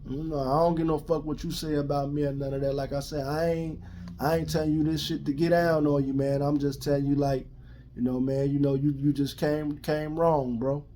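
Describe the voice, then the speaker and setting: A man's voice: fairly high pitch, flat delivery, brisk, dark tone, a little hiss or hum. A middle-aged man with a Chicago accent, ranting bluntly to camera in heavy street slang and profanity. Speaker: vlogger giving his opinion. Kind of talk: casual rant to camera.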